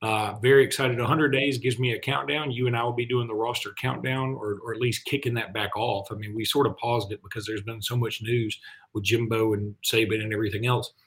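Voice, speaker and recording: A man's voice: mid-range voice, fairly even intonation, a little fast, a bit bright. A man co-hosting a sports talk show in a loose, conversational way. His voice sits in an ordinary middle range, and he talks in a chatty, self-deprecating manner. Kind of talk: casual sports radio chat.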